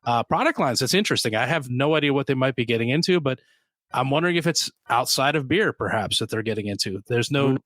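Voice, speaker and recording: Casual beer-podcast chat from a male co-host whose medium-pitched voice sounds animated, fast, and a bit bright, with no room sound. He rambles a lot, stumbling through ums, fillers, and restarts.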